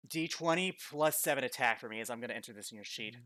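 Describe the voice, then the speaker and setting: A man running a tabletop game as game master, slowing down for dramatic narration. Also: mid-range voice, sharp tone. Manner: slows right down for dramatic narration.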